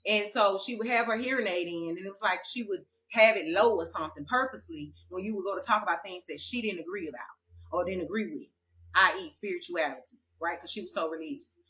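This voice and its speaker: A woman's voice: lowish voice, fast talker, pushed and bright. A woman telling a personal story in a casual, emphatic vlog and addressing viewers as y'all. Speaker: vlogger.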